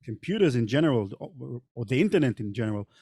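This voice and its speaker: This Hebrew-accented, middle-aged podcast host and narrator talks in a sing-song way at a quick pace, his medium-pitched voice warm and slightly rough, though he still hesitates often in a thoughtful manner. It's a casual panel chat recorded in a studio, with no room sound.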